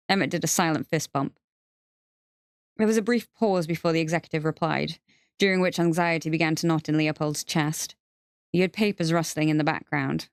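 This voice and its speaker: A woman narrating an audiobook in a steady storytelling voice, read on a livestream. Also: low voice, a little fast, smooth, no room sound, studio quality.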